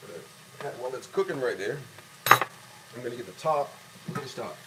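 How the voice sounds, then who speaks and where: A man's voice: medium pitch, expressive, brisk, very noisy. A man casually narrating each step as he cooks a meal, talking the viewer through what he is doing. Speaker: home cooking vlogger. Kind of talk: casual cooking demonstration. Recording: loud kitchen clatter behind. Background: dishes, pots and cutlery clattering.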